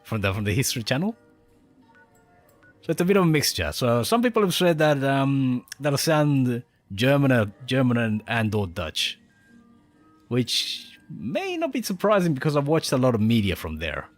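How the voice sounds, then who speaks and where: A man's voice: medium pitch, sing-song, normal speed. A man streaming a game, chatting casually with a mixed Spanish and Australian accent, a native Spanish speaker who rambles and chuckles often. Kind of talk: casual live-stream chat. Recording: faint game music behind.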